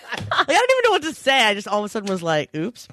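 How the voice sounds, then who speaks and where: A woman co-hosting a podcast in casual chat, telling stories with acted-out quotes. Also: slight background noise. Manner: animated storytelling, acts out quotes with big pitch jumps. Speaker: podcast co-host.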